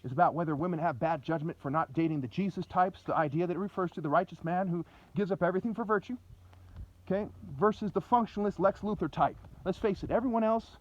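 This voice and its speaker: A man vlogging while walking around, recounting an argument in an agitated, repetitive way. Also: high-pitched. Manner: agitated, repetitive, fast and intense. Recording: dull lo-fi recording with faint noise.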